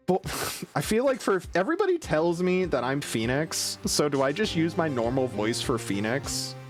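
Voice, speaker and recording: A man's voice: fairly high pitch, big pitch swings, moderate pace, soft background music. Laughing man streaming a game. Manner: laughs often, joking self-commentary. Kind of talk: live game playthrough, reading characters aloud.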